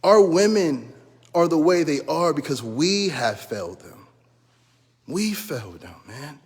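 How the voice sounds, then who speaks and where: A man's voice: on the high side, animated, a little slow, breathy edge, big-room sound. A middle-aged man giving an impassioned motivational talk, preaching and repeating his phrases as he calls listeners brother. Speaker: life coach and minister.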